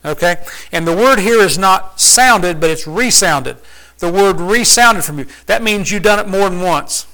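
High, bright-voiced man preaching casually. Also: normal speed, rough recording. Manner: folksy, conversational, asks the listeners questions. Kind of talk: informal Bible teaching.

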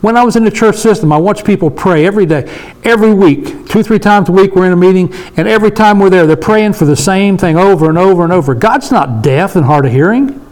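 A man's voice: high-pitched, quick pace, darkish tone, low-quality recording. A man in his sixties leading a casual Bible study discussion, emphatic and repeating his points for stress. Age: 60s.

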